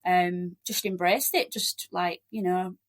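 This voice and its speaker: A middle-aged woman from Leeds with a strong Yorkshire accent, chatting quickly and cheerfully as a podcast guest. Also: on the low side, steady tone. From Leeds, West Yorkshire, England. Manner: quick-talking, chatty, laughs often. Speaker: podcast guest, relocation agent. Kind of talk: casual interview chat.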